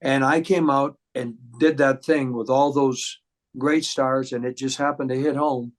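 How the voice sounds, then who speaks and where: A man's voice: medium pitch, steady tone, unhurried. Male entertainer, mid-range voice, loose rambling interview talk. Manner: rambling, many fillers and restarts. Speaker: guest singer and impressionist. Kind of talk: casual storytelling interview.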